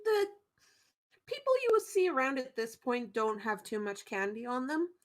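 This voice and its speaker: A woman's voice: a little high, very animated, moderate pace. A woman narrating a tabletop game as game master, loose and chatty with frequent fillers.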